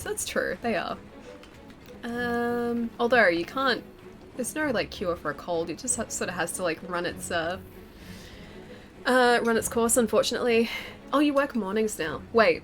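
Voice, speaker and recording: A woman with a cold and a nasal voice, chatting casually with viewers on a live stream, giggly and self-deprecating, on a close mic with a pop filter in a home gaming room. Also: medium pitch. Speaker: game streamer. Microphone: close studio mic with pop filter.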